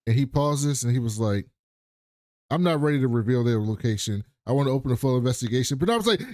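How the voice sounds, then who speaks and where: On a relaxed podcast, a male co-host with a mid-range voice talks fast while retelling a TV episode, acting out each character's swear-laden lines with gusto. There's no echo, and the sound is studio-clean.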